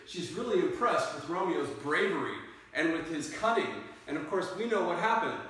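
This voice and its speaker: A man teaching a play scene to a class, telling it in an animated way and directing the readers. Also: a little high, normal speed, hardly any pauses. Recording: echoey room, mic far off.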